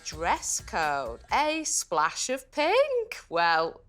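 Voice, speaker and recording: A woman's voice: fairly low pitch, wildly swooping pitch, very slow, a bit bright, soft background music. A woman giving blunt, dry remarks about a dinner party to camera. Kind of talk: interview aside to camera.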